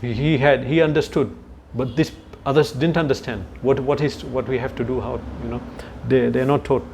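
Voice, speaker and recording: A man's voice: mid-range voice, fairly even intonation, normal speed, darkish tone, a little hiss or hum. A man giving a scripture lecture to a youth group in a chatty storytelling way, turning to his listeners with asides. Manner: searches for words mid-sentence. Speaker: spiritual lecturer.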